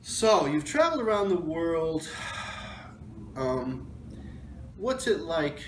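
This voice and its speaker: A man's voice: a little high, very animated, slow pace. A man hosting a casual livestream talk show, joking and rambling and laughing often. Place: arts center room. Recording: echoey room, mic at a distance, faint noise.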